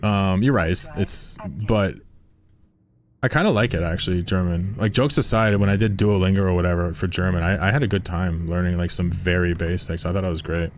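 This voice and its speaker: A man's voice: sits low, steady tone, brisk, a little hiss or hum. A man streaming a game, chatting loosely with viewers, swearing and often laughing. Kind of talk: casual live-stream chat while gaming.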